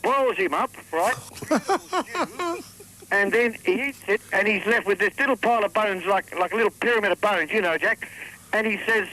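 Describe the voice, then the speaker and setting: An Australian man phones in to talk radio and spins a joke with chatty relish. His bright voice swings widely in pitch as he tells it. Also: normal speed, long pauses, rough recording. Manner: chatty, animated storyteller. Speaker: radio caller.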